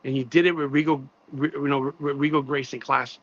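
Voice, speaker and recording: A man hosting a casual live-stream interview, shouting out viewers and praising his guest. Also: medium pitch, little pitch movement, brisk, no echo. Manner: shouts out viewers, admiring and emphatic. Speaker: show host. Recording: dull lo-fi dry sound.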